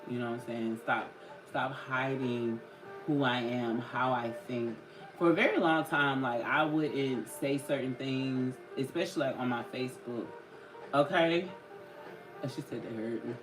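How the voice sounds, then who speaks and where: An unhurried host speaking to viewers in a chatty, loose way during a casual live-stream card reading. The voice sits in a roomy, echoing space with clear music playing behind it. Its pitch is middling. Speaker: livestream host giving spiritual card readings. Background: clear background music.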